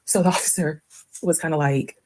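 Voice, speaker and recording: A woman telling a personal story in a frank, animated way, acting out the dialogue. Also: deep voice, a little fast. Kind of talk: casual storytelling.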